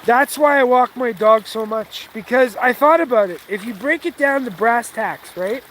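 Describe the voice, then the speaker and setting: A man vlogging outdoors while standing in a stream with his dog, musing slowly and emotionally and coaxing the dog to talk. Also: very high-pitched, a bit bright, a little hiss or hum, rough recording. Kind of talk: casual outdoor vlog.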